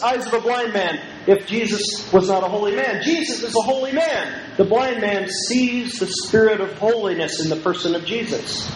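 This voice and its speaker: A man's voice: high voice, lively intonation, normal speed. A man preaching an emphatic, repetitive Bible lecture and leading call-and-response with his listeners. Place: lecture hall. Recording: echoey room with faint noise.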